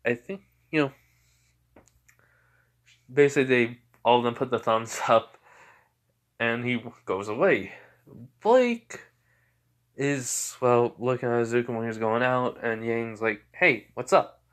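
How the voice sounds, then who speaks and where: A man's voice: medium pitch, unhurried, long pauses. A young man casually improvising a fan story, rambling with lots of fillers. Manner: rambling, many fillers like "you know" and "he's like".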